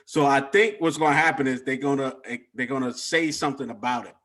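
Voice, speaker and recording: A man's voice: mid-range voice, brisk. Laid-back man in casual podcast chat. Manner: relaxed, loses his train of thought, trails off softly. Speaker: podcast co-host.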